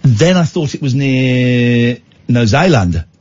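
A man's voice: medium pitch, slow, highs cut off. A man hosting a radio show, chatting casually and teasing his co-host with jokes. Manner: animated, teasing, jokey.

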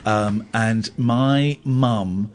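A man's voice: lowish voice, drawn-out words. A man hosting a radio phone-in, playful and teasing, with bursts of exaggerated delight. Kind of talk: late-night radio phone-in chat.

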